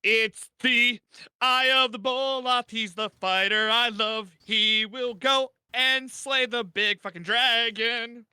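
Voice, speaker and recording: A man's voice: very high-pitched, steady tone, takes it slowly, bright, forceful tone, smooth, dry recording, studio quality, voice pushed up, heavily acted. A man voicing a showy male bard who praises a fighter in a hammy sing-song.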